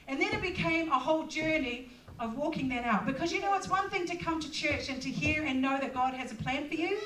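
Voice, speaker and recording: High-voiced woman preaching in an echoey church. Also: a little fast, a bit bright, a little hiss or hum. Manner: personal, conversational preaching with many fillers. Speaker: pastor. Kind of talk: sermon. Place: church hall. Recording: echoey hall, distant mic.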